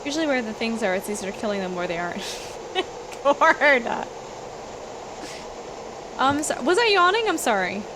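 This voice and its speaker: A woman chats casually on a game livestream, apologizing and laughing as she goes. Her voice sits a little high. A steady air-conditioning hum runs clearly behind her. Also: brisk. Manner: chatty, apologetic, laughs easily. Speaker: livestreamer playing a flight simulator. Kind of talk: casual stream chat.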